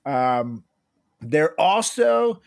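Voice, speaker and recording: A man's voice: fairly high pitch, very animated, drawn-out words, creaky, dry recording. A man co-hosting a comedy podcast, chatting casually and rambling with lots of fillers and "you know what I mean". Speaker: podcast co-host.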